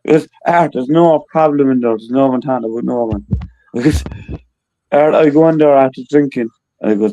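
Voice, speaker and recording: A man's voice: medium pitch, fairly quick, mellow, lo-fi sound, a little hiss or hum. Rambling man on a live call. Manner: rambling, repetitive, swears freely. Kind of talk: rambling casual chat.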